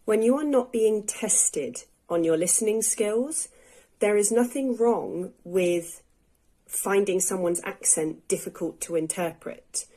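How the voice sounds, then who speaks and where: A woman with a slightly low voice talks to camera in a relaxed, unpolished vlog. She is an English teacher speaking candidly from home, chatty and thinking aloud with easy fillers. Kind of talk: casual unscripted vlog monologue. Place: indoors at home.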